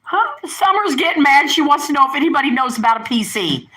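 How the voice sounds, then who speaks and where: A woman's voice: sits high, lively intonation, a little fast, pushed and bright, poor audio. An older woman hosting a casual live stream, rambling and chatty, often breaking off to talk to her pets and family. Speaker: livestream host.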